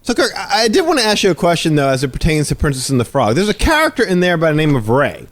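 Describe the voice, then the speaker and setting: Casting: slightly high male podcast host from South Louisiana, questioning tone, close dry mic. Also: huge pitch swings, fast talker, fairly bright tone, no room sound. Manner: probing, with frequent restarts. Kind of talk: casual chat.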